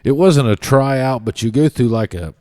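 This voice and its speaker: A man's voice: mid-range voice, expressive, normal speed, darkish tone, dry recording, studio quality. A man telling a story on a podcast, rambling and laughing often with casual swearing. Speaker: podcast guest.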